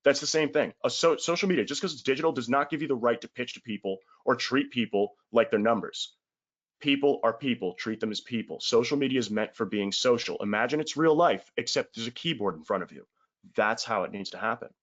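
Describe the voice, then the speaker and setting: A man's voice: medium pitch, fairly quick, a bit bright, lo-fi sound. A man giving a casual webinar sales talk, blunt and emphatic, in colloquial words with the odd swear.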